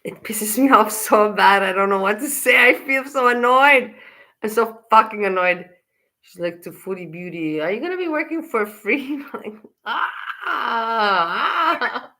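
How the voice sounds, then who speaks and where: A woman's voice: a little high, expressive, measured pace, pushed and bright. A woman commenting on a stream she is watching, talking in an exasperated, scolding way and swearing often. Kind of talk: casual reaction commentary.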